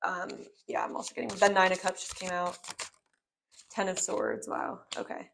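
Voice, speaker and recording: A woman's voice: fairly low pitch, level tone, moderate pace, gravelly, a bit bright, a little hiss or hum. Chatty young woman reading tarot. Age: 20s. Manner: rambling and heartfelt, many filler "like"s. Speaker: tarot reader. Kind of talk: casual spoken tarot reading.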